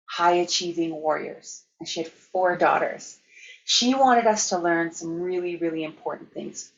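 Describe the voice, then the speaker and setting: Lively storytelling woman, muffled sound. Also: fairly low pitch, slight background noise. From Canada. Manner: lively, laughing anecdotes with acted-out quotes. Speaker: keynote speaker. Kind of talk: storytelling conference talk.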